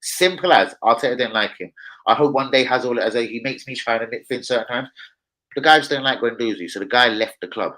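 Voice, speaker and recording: Male stream host, slangy and chatty, bright forward voice, mid pitch. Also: fast, poor audio. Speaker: livestream football show host. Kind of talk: casual live-stream chat.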